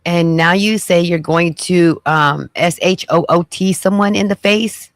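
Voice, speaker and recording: A woman's voice: fairly low pitch, a little slow, no room sound, studio quality. A woman podcast host giving sassy, preachy commentary as she reacts to clips. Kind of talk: casual commentary.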